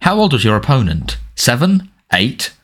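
A man's voice: medium pitch, huge pitch swings, normal speed, fairly bright tone. A man doing a mocking teenage boy. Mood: taunting. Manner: mocking, sardonic. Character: sarcastic teenage boy, defiant and needling.

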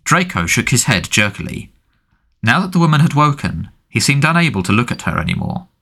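A man narrating an audiobook in an expressive storytelling manner. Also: medium pitch, fairly quick. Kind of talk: scripted narration.

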